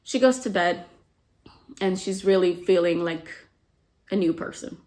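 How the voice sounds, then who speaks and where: Woman, lowish voice, casual book recap, chatty, lots of fillers. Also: a little slow, darkish tone. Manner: chatty, frequent "like" fillers, acts out quotes. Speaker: book summary host. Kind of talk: casual book plot retelling.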